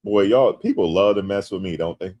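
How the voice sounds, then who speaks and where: A man from the United States hosting a casual livestream. He reads viewer comments aloud and jokes back, turning loud and animated when teased. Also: deep voice, fairly quick, lo-fi sound. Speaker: livestream host.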